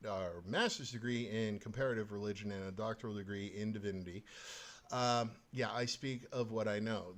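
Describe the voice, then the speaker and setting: A man hosting a podcast, ranting angrily about politics with constant swearing and scorn. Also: on the low side. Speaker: podcast host. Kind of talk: profane political rant.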